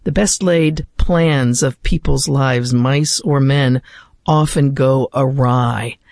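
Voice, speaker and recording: A man's voice: medium pitch, slow pace, gravelly, darkish tone, no room sound, studio quality. An American man speaking thoughtfully with frequent fillers, explaining a poem and then reciting it. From United States. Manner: thoughtful, hesitant with many fillers. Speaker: literature guest.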